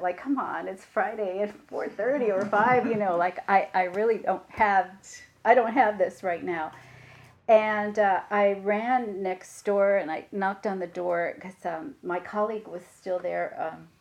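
A woman giving a dharma talk as a meditation teacher, reflective and unhurried, with frequent pauses and fillers. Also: medium pitch, darkish tone.

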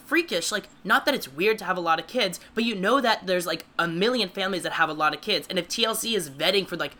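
A woman trading jokes in an easy, animated chat. Her voice is bright and forward, and her tone is sarcastic and quick to laugh. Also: on the low side. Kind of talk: casual comedic chat.

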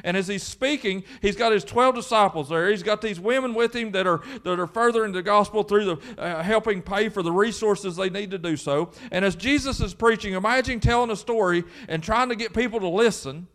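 High-voiced pastor preaching. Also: male voice, fairly quick, hardly any pauses, fairly bright tone. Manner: emphatic preaching, rhetorical questions. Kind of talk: sermon.

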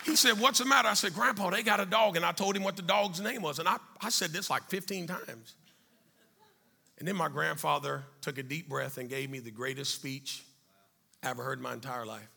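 A middle-aged man telling a life story to an audience, animated and then dropping quiet and serious. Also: fairly high pitch, fairly quick, vocal fry, breathy edge. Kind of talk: storytelling talk.

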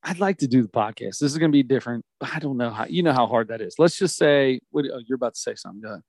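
A man's voice: mid-range voice, lively intonation, racing, no echo, clean studio sound. A man co-hosting a podcast in casual chat, joking and laughing often. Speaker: podcast co-host. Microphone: studio headphones and mic.

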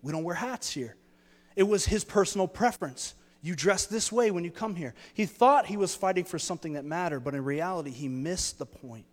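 A man's voice: fairly high pitch, big-room sound. A man preaching a sermon as pastor, earnest and storytelling, building his points through repeated phrases.

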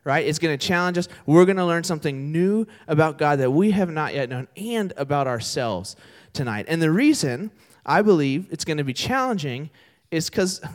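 Lively casual young preacher man. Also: a little high, normal speed. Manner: casual, chatty, addresses crowd directly. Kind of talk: sermon with storytelling. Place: church service before an audience.

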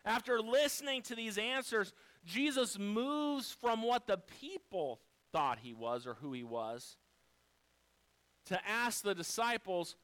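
Male pastor delivering a sermon, high and smooth voice, emphatic, fond of rhetorical questions. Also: unhurried, fairly bright tone, poor audio.

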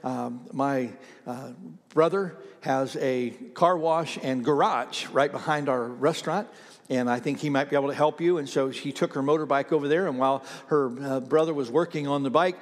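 A man preaching a sermon as pastor, telling a story conversationally with frequent fillers and pauses. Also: mid-range voice, long reverb tail.

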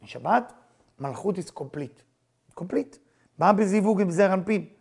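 Gravelly excitable man teaching a class. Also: sits high, racing. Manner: emphatic, excitable, in non-native English. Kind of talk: spiritual lesson to a class.

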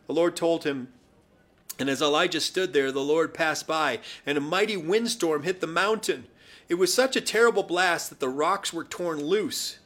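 A man's voice: on the high side, moderate pace, fairly bright tone. A male preacher delivering a sermon, retelling the story with wry asides.

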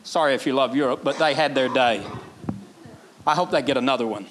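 A pastor preaching a sermon, animated, acting out quoted prayers in a raised voice. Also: male voice, medium pitch, a little fast, slight background noise.

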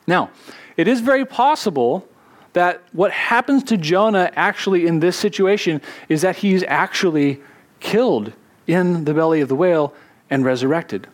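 A man, a pastor, preaching a sermon in an earnest way, slowing down to stress key words. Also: high-pitched, lively intonation.

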